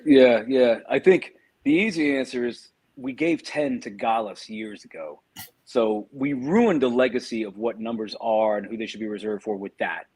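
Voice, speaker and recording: A man's voice: mid-range voice, normal speed, a little mellow, breathy edge. A man co-hosting a podcast in a casual live-stream chat, with dry, wry humor. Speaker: podcast co-host.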